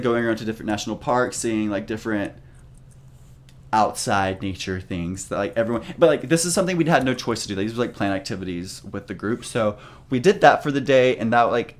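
A young man co-hosting a podcast, casually telling a travel story in a rambling way full of "like" and restarts. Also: lowish voice. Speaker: podcast co-host.

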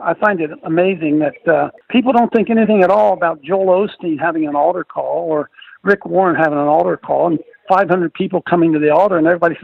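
Gravelly high-voiced older man preaching on radio. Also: quick pace, no room sound. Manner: emphatic, preachy, repeats phrases for stress. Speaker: radio host, ministry leader. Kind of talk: conservative Christian radio talk. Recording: dull dry radio studio sound.

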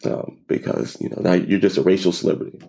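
A man with a very deep, gravelly voice chats casually on a podcast. He rambles and restarts often, with a dry, joking edge. His tone is dark and mellow. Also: steady tone, fast. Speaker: podcast co-host. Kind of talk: casual conversational chat.

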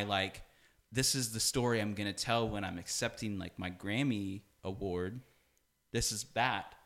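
A young man, a music producer, talking as a guest in a casual conversation, full of "like" and acting out what people said. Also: fairly low pitch. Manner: animated, fills speech with "like", acts out quoted dialogue.

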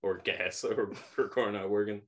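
A man's voice: on the low side, moderate pace. A man in his thirties co-hosting a podcast, telling a story casually, laughing often and acting out the people in it. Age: 30s. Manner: animated, laughs often, acts out quoted voices. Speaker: podcast co-host.

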